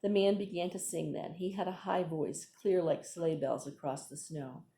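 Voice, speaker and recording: Brief: woman reading a chapter book aloud, low dark voice, unhurried with friendly asides. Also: fairly even intonation, roomy sound, slight background noise. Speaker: reader.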